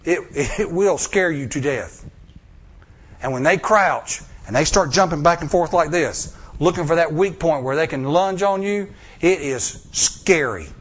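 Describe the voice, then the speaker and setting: A male preacher, telling a story in a sermon, acting out voices and swinging from loud bursts to hushed lines. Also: fairly high pitch, measured pace, slightly rough.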